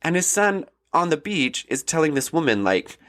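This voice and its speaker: A man co-hosting a podcast, retelling scenes casually in an animated way and laughing often. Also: fairly high pitch, moderate pace. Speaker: podcast co-host. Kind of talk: casual chat.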